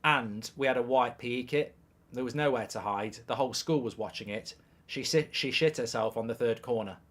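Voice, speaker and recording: A man's voice: medium pitch, moderate pace, fairly bright tone. A man hosting a live football watchalong, chatting crudely and jokingly, reading out viewer messages and scores.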